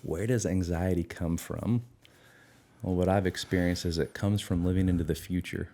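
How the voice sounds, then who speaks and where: A man's voice: sits low, fairly even intonation, moderate pace, creaky, dark tone. A middle-aged man answering interview questions in an earnest, reflective way, sometimes acting out his inner dialogue. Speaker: guest, addiction recovery expert.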